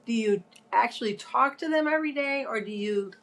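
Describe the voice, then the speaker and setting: A woman's voice: a little high, a little fast, a bit bright. A woman co-hosting a talk show, explaining points with examples in a casual chat. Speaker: podcast co-host.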